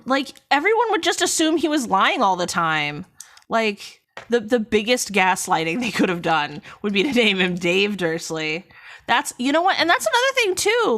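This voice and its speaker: A woman's voice: on the high side, a bit bright. A woman streamer chatting casually during a book critique. She rambles and interrupts herself, with frequent coughs.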